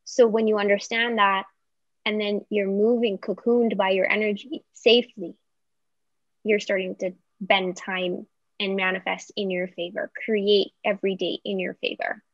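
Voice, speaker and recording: A woman speaking as a podcast guest, explaining in an animated way and acting out example voices. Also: mid-range voice, normal speed, dry recording. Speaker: guest coach. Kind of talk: podcast interview. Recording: slightly muffled, dry sound.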